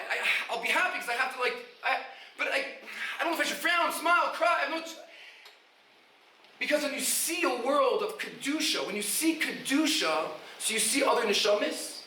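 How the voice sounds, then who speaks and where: Excitable high-voiced rabbi in an echoey room. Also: male voice, far from the mic, a little hiss or hum. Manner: excitable, shouts and laughs, many restarts and Yeshivish terms. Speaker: guest rabbi lecturing yeshiva students. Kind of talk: animated informal talk to students. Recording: echoey room, speaker away from mic.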